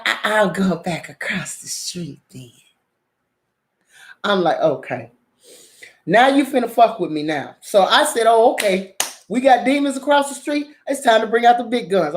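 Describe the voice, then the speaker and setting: Vlogger, middle-aged woman, casual profane storytelling, animated. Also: mid-range voice. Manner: animated, profane, acts out quotes. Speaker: drama vlogger.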